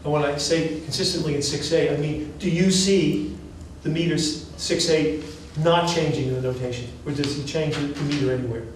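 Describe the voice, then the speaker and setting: During a classroom lecture, a male music professor quizzes students, animated and encouraging, speaking briskly with few pauses. The mic sits across the room from his slightly high voice, so the recording is very echoey, with faint hiss underneath.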